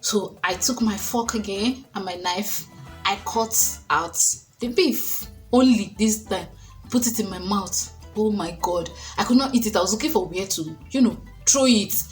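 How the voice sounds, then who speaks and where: A woman's voice: mid-range voice, measured pace, faint music behind. A young woman from Nigeria, retelling a story casually and dramatically, with lots of fillers. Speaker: vlogger.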